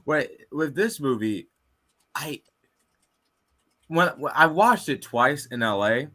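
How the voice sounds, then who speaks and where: Man, podcast co-host, bright forceful voice, lively pitch, emphatic ranting. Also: slow. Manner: animated ranting, emphatic repetition. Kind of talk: heated casual movie chat.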